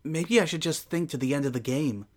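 A man's voice: on the high side, brisk, close to an everyday voice. A man voicing an anxious, studious young female unicorn in a fan audio drama, with a tense, exasperated manner. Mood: frustrated. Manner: tense, rising, exasperated inner monologue.

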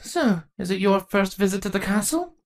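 A woman's voice: mid-range voice, animated, moderate pace, pitched above the performer's own voice, close to an everyday voice. A woman voicing a laid-back, teasing young female changeling in a storybook reading. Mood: casual. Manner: casual, dry, teasing.

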